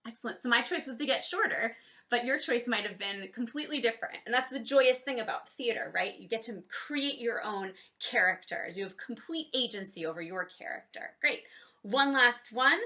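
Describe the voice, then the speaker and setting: A woman teaching kids drama online in a fairly high, bright voice. She cues each exercise cheerfully and shows how a character's voice can go high, low or silly. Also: expressive, normal speed. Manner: encouraging, cueing exercises with "ready, set, go". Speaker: children's theater teacher.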